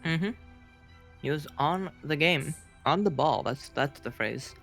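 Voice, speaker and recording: A man casting a live video game match in a soft-spoken, relaxed and playful way. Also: on the high side, slow, creaky, faint music behind. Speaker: esports caster.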